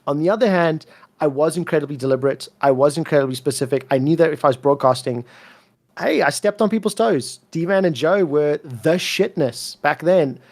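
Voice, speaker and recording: An esports commentator from South Africa, whose soft accent blends British and American tones, recounts his career as an interview guest. His voice is fairly high and quick, and he speaks emphatically, swears freely, and repeats words when he gets fired up.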